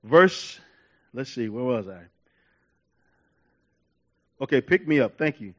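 A male pastor preaching a sermon in an animated way, laughing, repeating himself and telling stories. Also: medium pitch, slow, dull audio.

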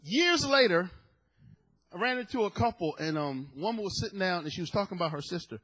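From the pulpit, a middle-aged pastor delivers a sermon built around a family story, his voice high and bright with a husky edge. He begins in hushed tones, then rises to loud, shouted points, giving each character a distinct voice. He's expressive and fairly quick.

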